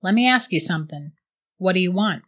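A woman reading the lines of a tall, persuasive male tempter with a low, gruff voice, close to her own voice. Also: lively intonation, a little fast, a bit bright. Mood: coaxing. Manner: coaxing, persuasive. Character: tall smooth-talking male tempter, devil's recruiter.

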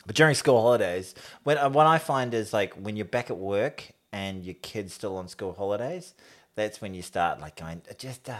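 A man's voice: lowish voice, expressive, moderate pace. A man co-hosting a rugby podcast, joking around and interrupting a lot. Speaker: podcast co-host. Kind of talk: casual chat.

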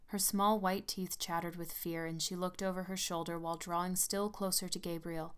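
A woman narrating a gothic story as an audiobook, measured and hushed. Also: lowish voice, level tone, clean tone.

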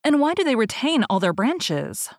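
A woman's voice: sits high, big pitch swings, normal speed, dry recording, clean studio sound, pitched above the performer's own voice. A woman voicing a young fir tree in a storybook reading, restless and full of yearning. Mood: longing. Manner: yearning, wistful.

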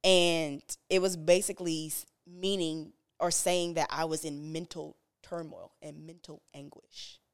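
A woman talks frankly through a personal story on a podcast, her voice smooth and clean. She sits a little low in pitch and keeps an earnest, straightforward tone. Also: level tone, unhurried, hardly any pauses. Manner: earnest, direct, conversational. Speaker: podcast co-host.

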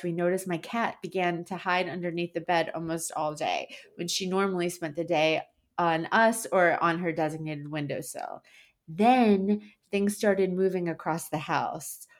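A young adult woman co-hosting a podcast in casual chat, who reads a spooky online post aloud and laughs and swears along the way. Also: fairly low pitch. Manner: chatty, laughing, swears for emphasis. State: tired. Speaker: podcast co-host.

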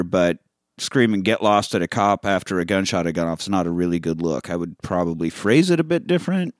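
A man hosting a podcast, recapping a film in casual chat, laughing often and breaking into loud silly voices. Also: fairly low pitch, no room sound, studio quality. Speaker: podcast host.

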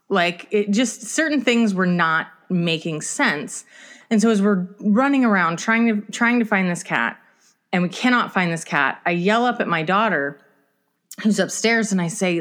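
A woman's voice: medium pitch, normal speed. A middle-aged woman co-hosting a podcast, telling a story in casual chat and acting out the dialogue. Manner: animated storyteller, acts out quoted dialogue. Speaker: podcast co-host.

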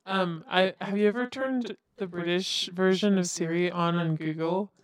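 A woman's voice: lowish voice, moderate pace, no room sound. A woman co-hosting a casual podcast with dry, understated remarks. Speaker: podcast co-host. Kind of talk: casual chat.

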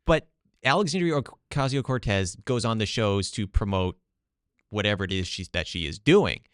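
Man, guest explaining his study, very deep voice, dry sound, lots of fillers. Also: moderate pace, fairly bright tone, smooth, no echo. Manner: hedging, many "like" and "you know" fillers. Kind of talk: casual political talk.

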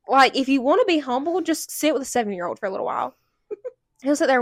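A woman's voice: high-pitched, lively intonation, quick pace, no room sound, clean studio sound. A young woman co-hosting a podcast, telling a story in casual chat and filling it with "like". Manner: chatty storytelling, heavy use of "like". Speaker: podcast co-host.

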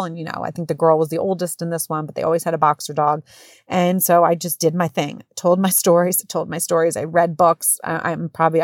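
A woman in her thirties hosting a podcast, telling a story in a casual, animated way with swearing and acted-out quotes. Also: low voice, dry recording, studio quality. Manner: animated, swearing, acts out quotes in raised voices. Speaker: podcast host.

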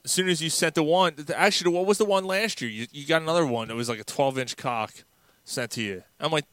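A man's voice: fairly high pitch, fast talker, fairly bright tone, clean tone, no echo. A man co-hosting a talk show, blunt and insistent, swearing casually as he trades stories. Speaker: co-host. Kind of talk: casual profane banter.

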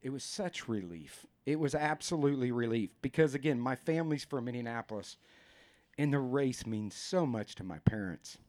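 A man's voice: medium pitch, moderate pace. Guy in his 50s telling a race story, gets worked up, chokes up, plain middle voice. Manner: animated, emotional storyteller. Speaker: racing team member. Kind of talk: casual storytelling.

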